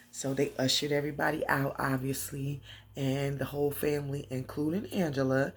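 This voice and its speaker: A woman in a casual recap vlog, losing her voice, telling the story in an animated way and acting out the characters' lines. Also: rumbling low, husky. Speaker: TV recap vlogger.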